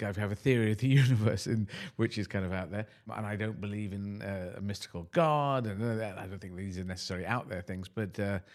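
A middle-aged man from the United Kingdom, a guest talking in a rambling, animated, self-deprecating way. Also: on the low side. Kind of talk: casual conversational interview.

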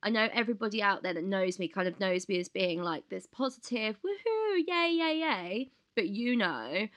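Hoarse, flu-ridden woman in her thirties, bright voice. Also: medium pitch, brisk. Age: 30s. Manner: candid, expressive, retells with acted quotes. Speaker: podcast co-host. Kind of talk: casual chat.

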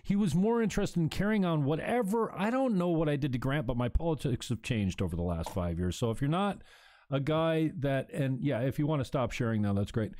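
A man's voice: fairly high pitch, lively intonation, brisk, darkish tone. Blunt, profane talk host, man. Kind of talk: heated opinion talk.

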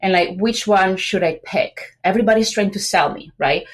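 A pregnant woman talking as a guest on a business podcast, chatty and lively, acting out quoted remarks between many fillers. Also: mid-range voice, a little fast, hardly any pauses. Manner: animated, acts out quoted voices, many fillers. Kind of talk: casual interview talk.

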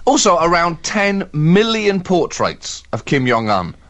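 A man co-hosting a comedy podcast, speaking in brisk, sardonic satirical banter and laughing at his own jokes. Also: on the high side, sing-song, a bit bright.

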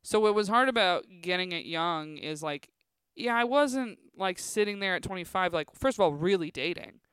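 A woman's voice: lowish voice, lively intonation, moderate pace, a bit bright, smooth, no room sound. A woman in her thirties, a comedian guest, telling stories in a rambling, casual way full of filler words on a podcast. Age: 30s.

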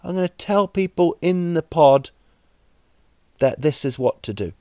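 New Zealand man, podcast host, deadpan rambling jokes, unhurried, dry close sound. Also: a little high, no echo. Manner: rambling, deadpan jokey, frequent fillers and restarts. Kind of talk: solo comedic podcast monologue.

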